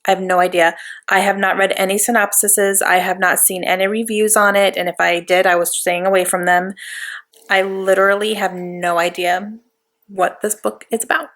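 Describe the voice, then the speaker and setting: A woman vlogging about a new book at home, gushing and bubbling over with excitement. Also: mid-range voice, moderate pace. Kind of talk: excited casual vlog. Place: home couch.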